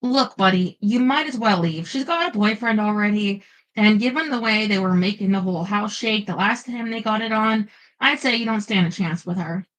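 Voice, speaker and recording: A woman's voice: medium pitch, normal speed, fairly bright tone, lightly acted, rough recording. A woman voicing a wry male demon companion who talks in a dry, sarcastic drawl.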